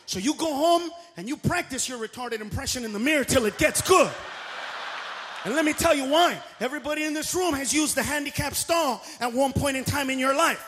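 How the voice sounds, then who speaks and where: A male stand-up comedian who talks loud and brash and shouts his punchlines. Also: very high-pitched, in a large hall, a little hiss or hum.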